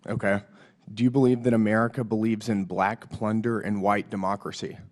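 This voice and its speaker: Hoarse lawmaker, blunt questions. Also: male voice, fairly low pitch, little pitch movement, fairly quick. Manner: blunt, pointed questions, reads quotes aloud. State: hoarse from a cold. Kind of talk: congressional hearing questioning. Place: hearing room.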